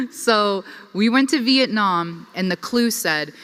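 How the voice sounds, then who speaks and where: A young woman telling a personal story to a conference audience, chatty and full of "like". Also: medium pitch. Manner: lively, chatty, filler-heavy with frequent "like". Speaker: conference speaker. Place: conference hall. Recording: reverberant hall.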